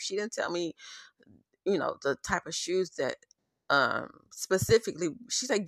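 A woman's voice: lowish voice, expressive, moderate pace, creaky, fairly bright tone, dry recording, studio quality. A woman podcast host telling a personal story in a candid, profane, openly angry way.

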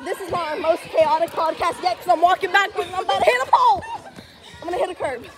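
A woman's voice: extremely high pitch, fast, noisy background. A woman co-hosting a casual podcast while walking outdoors on a street, joking in a playful, over-dramatic way. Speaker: podcast co-host.

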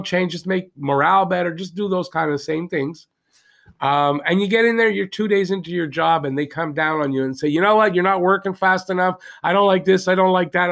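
Male podcast host, high raspy-edged voice, heated solo rant. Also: fairly bright tone. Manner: heated, ranting, rhetorical questions to listeners. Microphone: podcast mic, also filmed for video.

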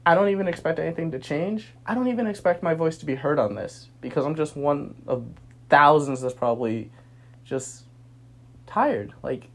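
Weary young man with a gravelly voice. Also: on the high side, normal speed. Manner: weary, earnest, at times heated. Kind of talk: personal monologue to camera.

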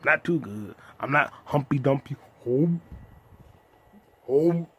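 A young man hosting a solo comedy podcast, ranting in loud, profane bursts with sudden shouts. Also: mid-range voice, lively intonation, slow pace, breathy edge.

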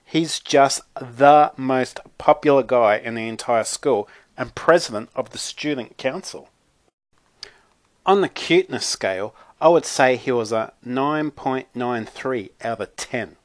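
A man's voice: medium pitch, measured pace, no echo. A man narrating a first-person children's storybook in a chatty, wry manner. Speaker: audiobook narrator.

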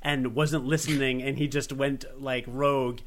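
A man's voice: mid-range voice, flat delivery, moderate pace. A young American man co-hosting a casual podcast, rambling with self-deprecating asides and many restarts. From United States. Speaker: podcast co-host. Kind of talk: casual chat.

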